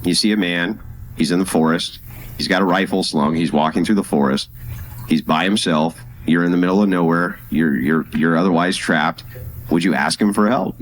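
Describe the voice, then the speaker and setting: A man's voice: deep voice, normal speed. A man cross-examining a guest with pressing, logical questions in a debate. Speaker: debate host.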